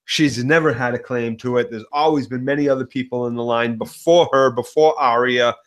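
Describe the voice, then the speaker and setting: A man with a Boston accent, co-hosting a fan show and ranting loudly with heavy profanity. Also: medium pitch, steady tone, fairly quick. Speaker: co-host.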